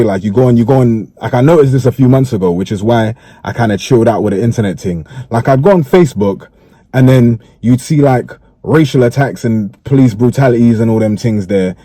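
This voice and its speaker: There's no room sound as a man with a mellow, medium-pitched voice chats casually in a played interview clip. He stays laid-back, leans on slang, and often asks "you get me."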